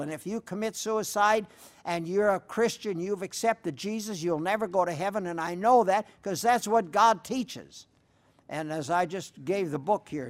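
An older man preaching a folksy sermon, telling stories with emphatic repetition and answering listener letters. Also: on the high side. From rural sheep-raising upbringing. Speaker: radio preacher.

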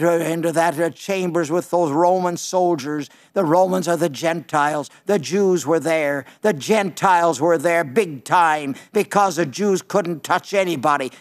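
A man preaching a televised sermon, telling the story dramatically and swinging from loud outcries to hushed tones. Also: high voice. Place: television studio.

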